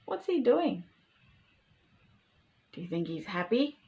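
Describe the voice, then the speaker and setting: A woman reading a picture book aloud to children, pausing to ask the listener questions. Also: medium pitch, dull audio. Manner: slow, animated, asks the listener questions. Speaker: storytime reader.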